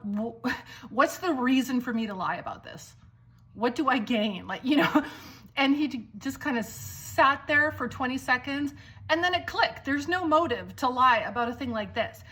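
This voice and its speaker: Animated woman telling a story at home. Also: a little high. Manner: animated, acts out quoted dialogue. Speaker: vlogger. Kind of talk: casual storytelling to camera. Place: at home, walking around the house.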